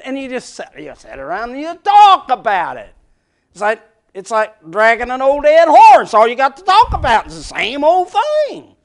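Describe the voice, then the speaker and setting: A man preaching a folksy sermon, moving from hushed near-whispers to loud shouts. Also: extremely high pitch. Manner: folksy, laughs between points. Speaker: pastor.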